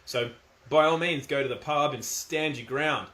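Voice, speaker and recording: A man's voice: fairly high pitch, normal speed, bright, forceful tone. A middle-aged man with an Australian accent, talking in a casual, firm and emphatic monologue. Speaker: commentator. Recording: echoey room.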